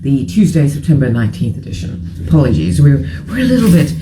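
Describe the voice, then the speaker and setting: A woman's voice: a bass voice, lively intonation, a little fast, warm tone, slight background noise, poor audio. A middle-aged woman hosting a casual morning chat show, rambling and frank, a little tired. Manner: chatty, rambling, frank and irreverent. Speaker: live show host.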